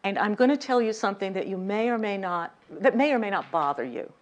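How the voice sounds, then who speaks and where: A woman's voice: mid-range voice, lively intonation, fast talker. A woman leading a communication workshop, talking directly to her audience and stressing words to demonstrate her points. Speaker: communication coach. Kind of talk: workshop lecture. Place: lecture room.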